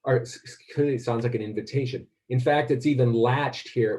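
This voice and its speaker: A man's voice: mid-range voice, moderate pace, few pauses, a little mellow, muffled recording. A man lecturing a class, thinking aloud and often restarting his sentences.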